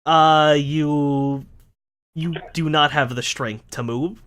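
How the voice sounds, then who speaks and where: A man's voice: on the high side, fairly even intonation, takes it slowly, fairly bright tone. A man running a tabletop role-playing session, narrating scenes casually and joking with his players. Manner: casual, joking, swears freely. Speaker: game master.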